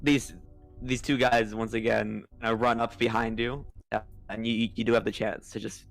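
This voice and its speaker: A young man with a gravelly, creaky voice runs a tabletop game as dungeon master. He talks in halting bursts full of fillers and restarts, laughing now and then. Faint music sits under his voice. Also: lowish voice, flat delivery. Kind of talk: narrating a tabletop game over a voice call.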